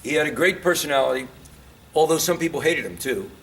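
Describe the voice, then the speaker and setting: A man's voice: fairly high pitch, lively intonation, fairly quick, creaky, a bit bright. A man giving an informal history lecture to a live audience. He keeps quizzing listeners with questions and grows impassioned about his points.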